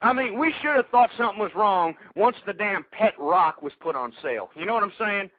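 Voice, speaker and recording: A man's voice: high voice, lively intonation, a little fast, no room sound. A man hosting a call-in talk radio show, ranting angrily at his listeners, insulting them and stammering through restarts. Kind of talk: angry political talk radio rant. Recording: tinny phone-like radio audio.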